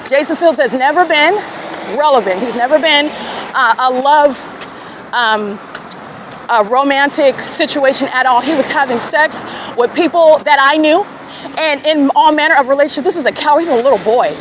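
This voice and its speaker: A woman's voice: high-pitched, moderate pace. A woman podcaster delivering a scornful, accusatory monologue outdoors in an urban square. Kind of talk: confrontational monologue. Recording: clear traffic noise outdoors.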